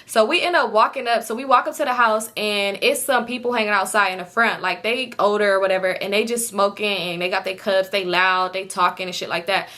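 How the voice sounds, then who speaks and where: A woman vlogger telling a story casually, animated and slangy, swearing freely and talking to her viewers. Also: medium pitch, a little fast, few pauses.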